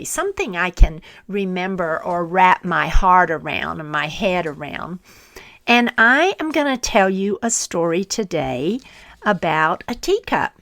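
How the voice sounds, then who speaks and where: A woman's voice: on the low side, a bit bright. A woman hosting a faith podcast, speaking earnestly and encouragingly as she tells a story. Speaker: podcast host.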